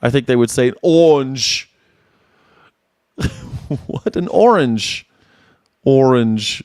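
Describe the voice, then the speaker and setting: A man's voice: mid-range voice, sing-song, slow pace, darkish tone, smooth, dry recording. Rambling man commentating, dry close mic. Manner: rambling, laughs often, repeats words. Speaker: independent news and culture commentator. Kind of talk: casual livestream commentary.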